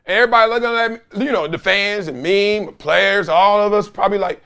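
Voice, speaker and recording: A man with a high-pitched voice hosts a sports talk show. He tells stories in a loose, slangy way and keeps the commentary animated. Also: fast, gravelly, smooth. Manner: animated, slangy storytelling with laughs.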